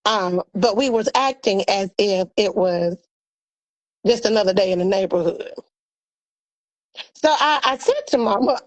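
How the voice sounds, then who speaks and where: A somewhat high-voiced woman tells a family story in a loose, casual way. She is animated and slips into the voices of her relatives as she goes. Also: poor audio. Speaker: podcast co-host.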